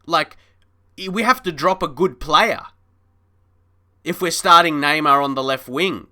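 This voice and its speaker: Bright-voiced chatty man streamer. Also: fairly high pitch, unhurried. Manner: chatty, laughs often, mock-frustrated, talks to chat. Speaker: streamer playing a football management game. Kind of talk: casual live-stream commentary.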